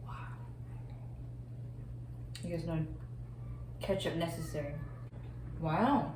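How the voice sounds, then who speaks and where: A young woman co-hosting a casual food vlog, relaxed and understated in her remarks. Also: deep voice, slow. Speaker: co-host, host's wife. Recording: echoey room, distant mic, faint noise.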